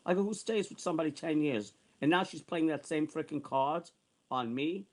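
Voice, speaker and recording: A man of sixty, an online streamer, launches into a heated, profane rant that keeps circling back to the same points. His voice sits a little high for a man, his pace is normal, and he sounds worked up and insistent.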